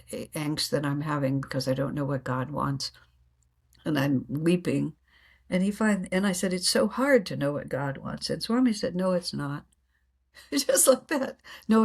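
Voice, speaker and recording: A woman's voice: deep voice, animated, moderate pace, vocal fry, husky. A woman guest telling reflective spiritual stories in an earnest way, laughing often and acting out her inner dialogue.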